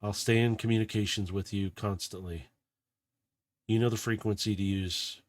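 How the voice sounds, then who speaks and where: A man voicing a serious, caring female robot ally in a tabletop game, quiet and earnest. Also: lowish voice, steady tone, normal speed, dry recording, lightly acted.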